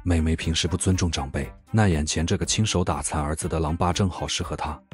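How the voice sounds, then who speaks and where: A man narrating a video recap in a quick, wry, mocking commentary voice-over. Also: extremely low pitch, music in the background. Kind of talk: fast scripted commentary voice-over.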